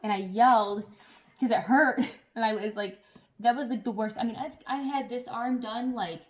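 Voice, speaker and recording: A woman chatting casually to camera as a vlogger, telling stories in an animated way with some swearing. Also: on the high side, moderate pace.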